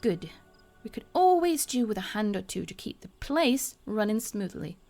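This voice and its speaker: A woman voicing a rough-spoken female chocobo wrangler in a rustic folksy dialect, over game music. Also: mid-range voice, sing-song, moderate pace, a little mellow. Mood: welcoming.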